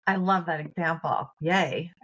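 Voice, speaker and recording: A middle-aged woman with a fairly low voice talks as a therapist on a podcast. Her delivery is encouraging and emphatic, and she keeps checking in with little asides as she coaches. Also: unhurried. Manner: warm, encouraging, emphatic with fillers. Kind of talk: coaching conversation.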